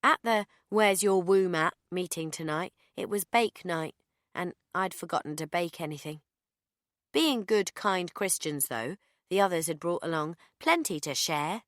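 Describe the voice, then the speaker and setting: A woman reading a first-person audiobook in a deadpan, sardonic manner. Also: on the low side, unhurried, no room sound, clean studio sound. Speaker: audiobook narrator.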